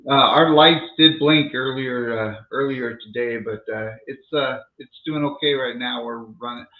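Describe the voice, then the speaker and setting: A man joining a live stream as a guest, talking in a relaxed way with hesitant fillers. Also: medium pitch, a little slow. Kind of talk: casual live stream chat. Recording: echoey tinny video call audio.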